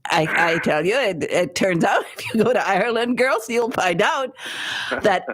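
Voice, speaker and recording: A woman's voice: mid-range voice, expressive, normal speed, a little hiss or hum. A woman hosting a radio talk show, chatting in an effusive, giggly way and laughing often. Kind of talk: casual interview chat. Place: radio studio.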